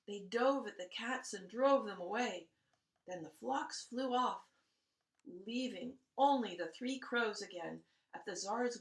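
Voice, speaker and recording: A woman reading a story aloud in a gentle, expressive bedtime style, sometimes dropping to hushed tones. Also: fairly high pitch, echoey room, low-quality recording.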